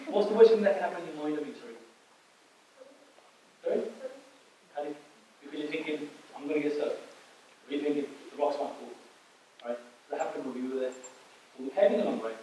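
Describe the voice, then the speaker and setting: Guy talking fast to a youth camp, questions the crowd, sounds far off in a big echoey hall with noise. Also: fairly high pitch, a little mellow. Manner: storytelling, asks the audience questions, laughs often. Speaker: camp speaker. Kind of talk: lively talk to a youth audience. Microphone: distant microphone.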